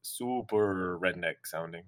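A man with a Southern US drawl in casual podcast chat, relaxed and playful, asking the group questions. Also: deep voice, slow pace. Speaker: podcast co-host.

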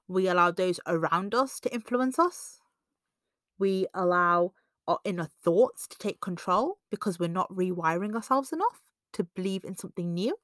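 A woman hosts a self-help podcast in a relaxed, conversational monologue. She leaps into animated quoted voices now and then, and the recording is close and dry with no room sound. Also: no room sound. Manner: conversational, acts out quoted voices with big pitch jumps. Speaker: podcast host.

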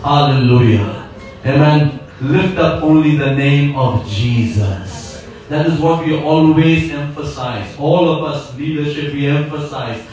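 A male pastor preaches in a high voice, calling out hallelujahs and questions to his congregation. His voice rings through a very echoey hall. The mic sits some way from him. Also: recorded from a distance. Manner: repetitive call-and-response, frequent hallelujahs. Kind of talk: sermon.

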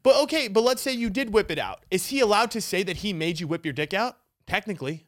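A young man in casual crude banter, arguing his point and laughing loudly. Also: sits high, animated, fast talker.

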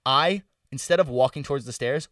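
A young man casually telling a long, profane story on a podcast. He rambles in slang and often drops into low mumbles. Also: fairly quick, fairly bright tone, dry recording, studio quality, distant mic.

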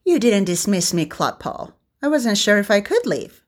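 A woman's voice: mid-range voice, sing-song, moderate pace. A woman voicing a cheeky, fretful young male servant who bickers and pleads with his master. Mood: bickering servant.

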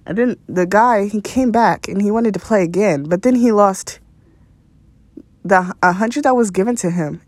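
A woman's voice: medium pitch, normal speed, darkish tone, dry recording. A young woman hosting a podcast, telling a rambling story in a casual, profane way and laughing often. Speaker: podcast host.

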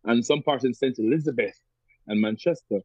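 A man's voice: mid-range voice, brisk, darkish tone, husky, dry recording, muffled recording. A man from Jamaica with a Jamaican accent, a podcast guest talking reflectively and repeating words as he searches for them. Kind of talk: conversational interview.

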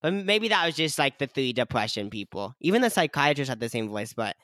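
A man's voice: medium pitch, big pitch swings, fairly quick, bright, forceful tone, no room sound, studio quality. A young man co-hosting a casual podcast, giggling often and saying "like" constantly as his thoughts trail off. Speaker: podcast co-host. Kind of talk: casual chat.

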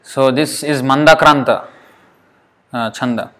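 A man leads an online class over a video call at a middle pitch. He speaks patiently, reads out his students' answers one by one and breaks words into syllables, stretching them slowly as he counts. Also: steady tone, a bit bright. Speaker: Sanskrit teacher.

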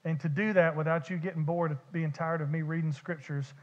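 High-voiced pastor preaching in a reverberant church. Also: male voice, steady tone, fairly quick. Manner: conversational, repeats and restarts words. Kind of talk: sermon. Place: church sanctuary. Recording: dull lo-fi church recording with long reverb.

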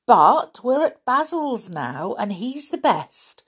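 Mum reading as a gentle patient mouse doctor, slow and breathy, storybook voice. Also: female voice, on the high side, very animated, pitched above the performer's own voice, exaggerated voice. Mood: reassuring. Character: kindly, reassuring male mouse doctor.

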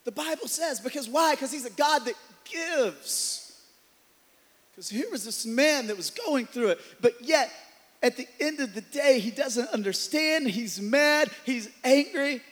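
A man preaching a sermon as pastor, swinging from loud, driven passages to hushed ones. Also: very high voice, lively intonation, measured pace. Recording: long hall reverb.

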